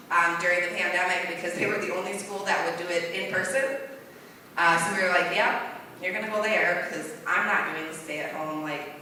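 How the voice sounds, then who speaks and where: A woman doing rambling, self-deprecating stand-up at an open mic night in a bar, with a voice she calls deep. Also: pushed and bright, slight background noise. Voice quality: deep-sounding voice. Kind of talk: stand-up comedy. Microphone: stage mic in a bar. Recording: roomy hall, voice from far off.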